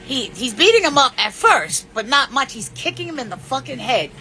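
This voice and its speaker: A woman's voice: high voice, big pitch swings, normal speed, sharp tone, soft background music. A woman in her fifties giving blunt, profane life advice in an unscripted monologue. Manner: blunt, profane and preachy, with big swings in emphasis.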